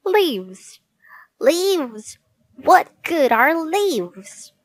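A woman voicing a small, quick-tempered male gnome who shouts indignantly in a storybook reading. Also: a little high, dry recording. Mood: furious.

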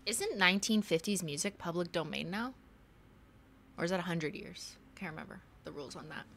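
Bright-voiced, playful female game streamer. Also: lowish voice, a little fast, a little hiss or hum. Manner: playful, jokey, slips into mock accents. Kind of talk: live gameplay commentary, reading in-game letters aloud.

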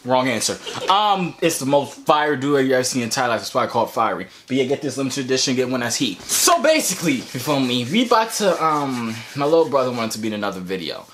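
A man's voice: medium pitch, sing-song, fast, hardly any pauses, fairly bright tone, slight background noise. A young man hosting a casual vlog with his little brother, teasing and laughing often. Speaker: vlogger, older brother.

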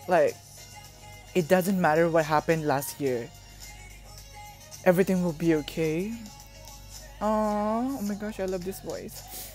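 A woman's voice: fairly low pitch, unhurried, long pauses, a little mellow. A young woman from the Philippines, gushing and emotional as she reacts to a music video, exclaiming often.

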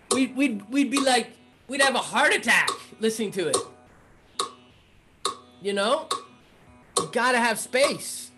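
A man teaching rhythm in a casual music lesson, chanting rhythm syllables between relaxed explanations. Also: extremely high pitch, a little slow, pauses often. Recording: noisy recording with clicks.

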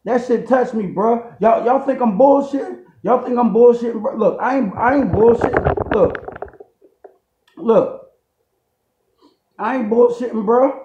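A man plays an overwrought streetwise guy who keeps insisting he's truly moved. His high voice leans on slang and repetition in mock-emotional pleading. The comedy rant sounds dull and lo-fi in an echoey room. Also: measured pace, pauses often, background noise. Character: fake-crying streetwise man, overwrought and defensive.

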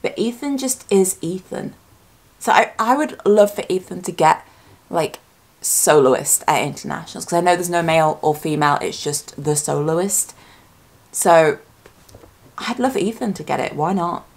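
Woman, YouTuber, casual reaction commentary, chatty, excitable, lower-pitched voice, self-correcting. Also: vocal fry. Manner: chatty and excitable, thinking aloud with quick gasps and asides; speculative fan talk, often self-correcting.

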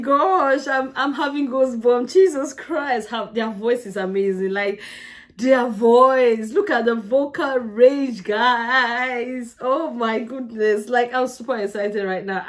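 Excitable woman reacting to a song. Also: a little high, slow. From Nigeria. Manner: gushing and excitable, keeps saying "guys". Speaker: music reaction channel host. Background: faint song playing.

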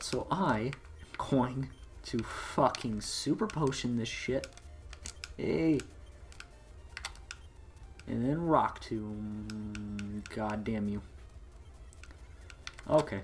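A man talks through his game run in an unhurried, offhand drawl. He swears constantly and yelps at sudden turns, with faint background hiss and keyboard clicks near the mic. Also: medium pitch. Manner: profane, excitable outbursts. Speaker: let's play gamer. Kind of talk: casual gaming commentary.

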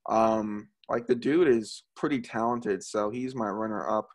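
A young man co-hosting a casual sports podcast, enthusiastic and quick to laugh. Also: fairly low pitch, fairly even intonation. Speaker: podcast co-host.

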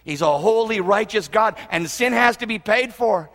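A man's voice: high-pitched, animated, normal speed, a bit bright. A man preaching a sermon as pastor, earnest and emphatic, repeating phrases for emphasis. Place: church auditorium. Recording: reverberant hall.

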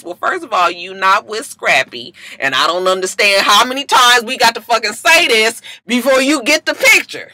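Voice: animated, moderate pace, few pauses, no echo. A reality TV recapper, gossiping in a sassy, profane, casual way and acting out what the cast said. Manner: sassy, profane, gossipy, acts out quotes in loud high voices.

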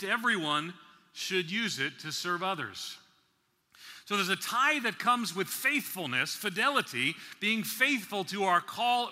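A man from the New York City area preaching at a conference, slowing down to stress key words and dropping in playful asides. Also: high-pitched, pushed and bright. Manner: slow deliberate emphasis, playful asides. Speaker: conference speaker. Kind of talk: sermon. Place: large conference hall. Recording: reverberant hall.

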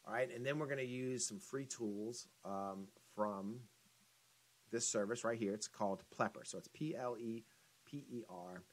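A man giving a casual screen-share tutorial on getting business reviews, talking in a relaxed, chatty way with frequent ums and restarts. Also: mid-range voice, moderate pace, poor audio. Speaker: business marketing instructor.

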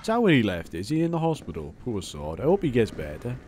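A man giving gameplay commentary as a let's play host; he is excitable and jokey and swears a lot. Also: mid-range voice, fast, a little hiss or hum.

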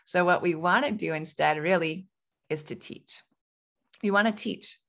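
Speaking a little slowly in a lowish, fairly bright voice, this thirtysomething woman gives parenting advice on her solo podcast. She coaches conversationally, sprinkling in frequent "right?" asides.

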